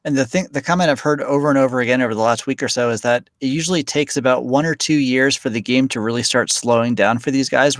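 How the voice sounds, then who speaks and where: Steady man asking football questions, dry sound. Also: medium pitch, dry recording. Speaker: sports podcast co-host. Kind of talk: casual football talk.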